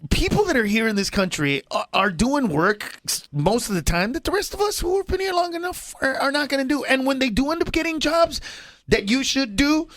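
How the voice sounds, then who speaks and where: A male comedian, a guest on a morning radio show, talking in an excitable, animated way and laughing as he goes. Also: extremely high pitch, a little fast. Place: radio studio.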